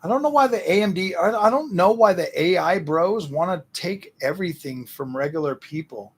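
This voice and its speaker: A man with a raspy, fry-heavy voice pitched a little high hosts a casual livestream. He rants to chat in loose slang and keeps repeating and restarting his sentences. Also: expressive, moderate pace. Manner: slangy ranting, lots of "dude" and "man". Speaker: livestream host answering chat.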